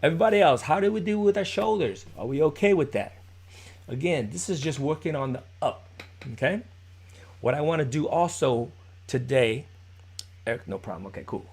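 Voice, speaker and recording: A man's voice: fairly high pitch, lively intonation, normal speed, creaky, long pauses, darkish tone, breathy edge. A man teaching a live-streamed popping dance class, counting beats, encouraging his students and answering viewers in chat in a chatty way. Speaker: dance instructor.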